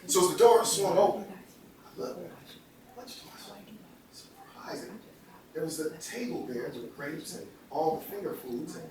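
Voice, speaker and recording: A man telling an emotional personal story to a live audience at a home, excited and stammering at times. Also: fairly high pitch, normal speed, a little hiss or hum. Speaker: storyteller and speaker. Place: home, indoors. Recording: echoey room, distant mic, audience. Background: audience laughing.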